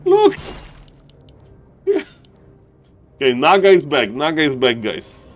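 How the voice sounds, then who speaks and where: A man casting a strategy game live, excitable and joking, often breaking into laughter. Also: mid-range voice, fairly quick. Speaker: game caster.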